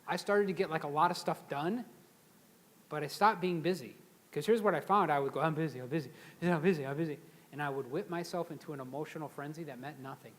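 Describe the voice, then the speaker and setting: High-voiced energetic male seminar speaker. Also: fairly quick. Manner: energetic, gets the audience to repeat words. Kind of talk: live motivational seminar talk. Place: seminar room with live audience.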